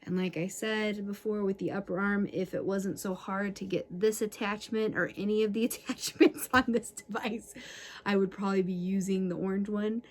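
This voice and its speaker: A young woman casually showing how to use a massage tool on herself, talking in a relaxed, chatty way with sighs and groans of relief. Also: medium pitch, moderate pace. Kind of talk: casual self-massage tutorial.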